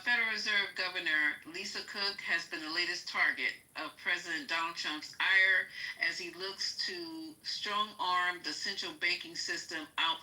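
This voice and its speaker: Woman reading an article aloud, halting. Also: lowish voice, pushed and bright, poor audio. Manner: halting, reads with stumbles and restarts. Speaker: podcast co-host.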